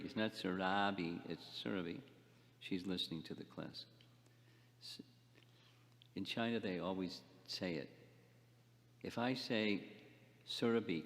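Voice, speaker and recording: An older man giving a scripture class lecture, speaking haltingly, repeating words and asking the class questions. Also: sits low, in a large hall. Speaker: spiritual teacher.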